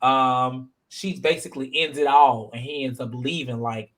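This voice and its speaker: A man hosting a casual reality-TV review chat, talking in a slangy, animated, rambling way with many fillers. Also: mid-range voice, moderate pace. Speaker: podcast host.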